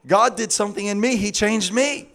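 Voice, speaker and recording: Guy preaching, tells a funny story, lots of laughing, fairly high voice, does silly high voices for quotes. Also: moderate pace. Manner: animated, laughing, acting out quotes in a high sing-song. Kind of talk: sermon storytelling.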